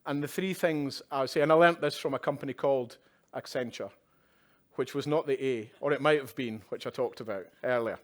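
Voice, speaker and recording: A man's voice: medium pitch, fairly quick. Man giving a conversational keynote. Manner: conversational, with tag questions and wry asides. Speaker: keynote speaker. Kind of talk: conference keynote. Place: conference stage at a live event.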